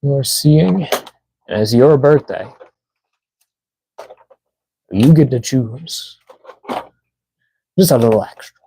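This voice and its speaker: A man's voice: mid-range voice, animated, takes it slowly, gravelly, pauses often, dark tone, a little hiss or hum, rough recording. A man chatting casually to himself while unboxing toys on a live stream, muttering as he fiddles with the packaging. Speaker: toy collector streamer.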